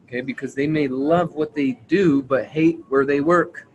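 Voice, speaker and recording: A man's voice: on the high side, steady tone, moderate pace, lo-fi sound. Man coaching a sales team. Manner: coaching, repeats points and checks with "right?"; acts out sample conversations. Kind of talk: team training call.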